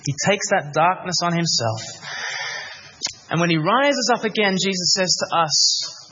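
A man preaching a sermon in a church, earnest and animated, full of rhetorical questions. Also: sits high, unhurried, muffled recording, slight background noise. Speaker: pastor.

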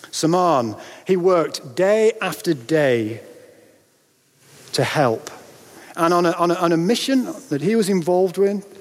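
A man preaching a sermon in a church, dramatic, with rhetorical questions and pauses for effect. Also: high voice. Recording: long reverb of a large hall.

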